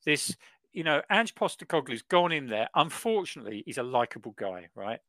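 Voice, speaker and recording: A man co-hosting a football podcast, ranting in an exaggerated, animated way. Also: mid-range voice, brisk, dry recording. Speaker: podcast co-host. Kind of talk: casual football chat.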